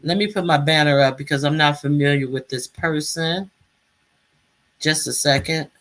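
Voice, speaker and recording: A woman's voice: deep voice, normal speed, fairly bright tone. A woman hosting a casual live stream, chatting and calling guests up to speak. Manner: chatty, calls out guests by name.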